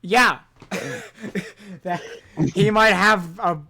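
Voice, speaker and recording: A man running a tabletop game as game master in a playful way, often breaking into laughter. His voice sits a little high and he speaks at an unhurried pace. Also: fairly even intonation, bright, forceful tone. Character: smooth, amused male demon casino owner.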